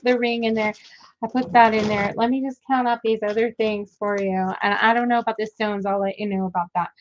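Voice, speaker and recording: A woman hosting a casual live sale, chatting to viewers as she unboxes jewelry and counts items aloud. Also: fairly high pitch. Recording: dull lo-fi audio with faint noise.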